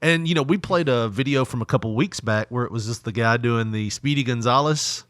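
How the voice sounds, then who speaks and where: A man's voice: medium pitch, a little fast, fairly bright tone, no room sound, clean studio sound. A man with a Southern accent co-hosting a podcast in casual chat, laughing often and slipping into mocking voices. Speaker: podcast co-host.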